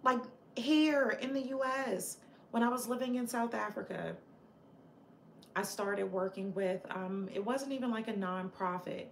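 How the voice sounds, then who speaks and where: A woman's voice: on the high side, measured pace, creaky, echoey room, slight background noise. A woman hosting a casual live chat with her viewers, passionate and opinionated, chatty with frequent fillers and restarts. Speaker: livestream host chatting with viewers.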